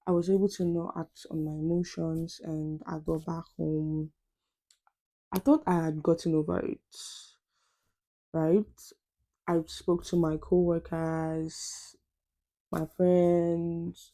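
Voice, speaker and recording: A young woman talks straight to her camera in an earnest, reflective way, with plenty of fillers. Her voice is very warm and mellow, with a gravelly edge. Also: low-pitched. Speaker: vlogger. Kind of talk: casual personal talk to camera.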